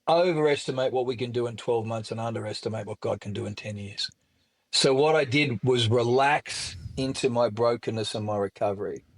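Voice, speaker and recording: A middle-aged man, a guest speaking candidly and bluntly about his recovery, with colorful language. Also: medium pitch. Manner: blunt and colorful, with mild swearing. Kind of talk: candid storytelling in conversation.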